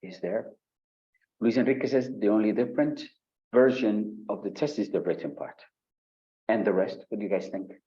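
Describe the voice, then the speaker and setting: Low-voiced man teaching a webinar. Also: moderate pace, long pauses, muffled recording. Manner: lively, asks the audience questions and reads chat comments aloud. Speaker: IELTS instructor. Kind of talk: live online webinar lesson.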